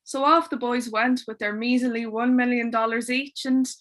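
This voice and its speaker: Bright, playful woman telling a story. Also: a little high, moderate pace. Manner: playful, expressive, dry wit. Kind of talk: oral storytelling.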